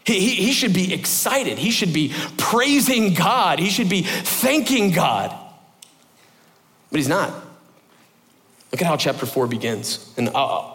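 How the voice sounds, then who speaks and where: A man's voice: medium pitch, a bit bright. A male pastor preaching a sermon in a casual, conversational way, often using fillers and restarting his sentences. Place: church sanctuary. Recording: long reverb in a church hall.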